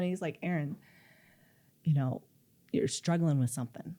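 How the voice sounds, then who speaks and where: This middle-aged woman speaks in a deep voice at normal speed, pausing often. As an interview guest, she relates a personal story with animation, acting out the dialogue she quotes.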